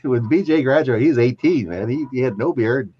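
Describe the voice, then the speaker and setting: Older man telling animated stories. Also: medium pitch, brisk, slightly rough. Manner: animated anecdotes, acting out quoted voices, chuckling. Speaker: chiropractor and podcast guest. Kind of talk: storytelling interview. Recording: dull lo-fi dry sound.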